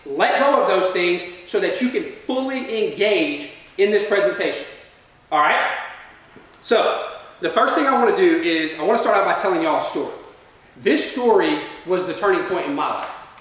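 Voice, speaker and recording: A man with a fairly high voice gives a motivational talk to students. He tells a story and keeps checking in with "all right?" The sound comes from a distant mic in a strongly echoing hall. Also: lively intonation, normal speed, fairly bright tone. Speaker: motivational speaker. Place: large university lecture room. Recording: echoey hall from far off.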